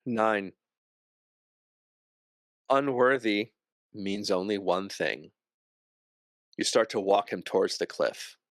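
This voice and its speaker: A man narrating a tabletop game as game master, describing scenes slowly with pauses. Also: low voice, creaky, dry recording.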